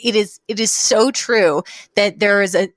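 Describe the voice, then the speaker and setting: A chatty woman co-host recaps a sitcom episode with lively retelling and bursts of laughter. Her voice sits at a middling pitch. The mic sound is close and dry, with no room echo. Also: a little slow. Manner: lively storyteller who acts out quotes and laughs often. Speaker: podcast co-host. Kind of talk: casual recap chat.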